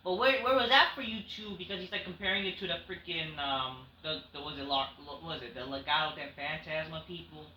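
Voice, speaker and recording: A man's voice: a little high, a little fast, hardly any pauses, bright, forceful tone. A man reviewing a wrestling show in a rambling, sarcastic, profane casual recap. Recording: echoey room, faint noise.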